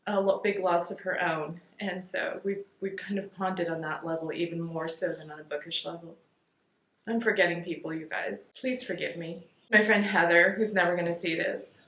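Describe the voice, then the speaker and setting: With a fairly low, a bit bright voice, this middle-aged vlogger is in tears as she addresses her audience from an echoey room. Her thanks ramble on sincerely, and "you guys" comes up again and again.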